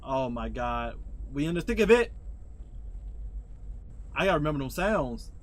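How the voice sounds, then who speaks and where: A young man streaming a game from his room on a headset mic, chatting in slangy casual commentary and yelling loudly at the scares. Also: medium pitch, very animated, normal speed. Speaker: gaming streamer. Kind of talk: casual live gameplay commentary.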